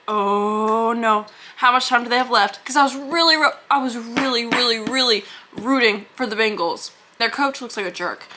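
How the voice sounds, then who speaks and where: A woman's voice: a little high, pushed and bright. A young woman chatting to her camera at home, rambling and self-deprecating as she vlogs. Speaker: vlogger. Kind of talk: casual vlog chat to camera. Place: at home indoors.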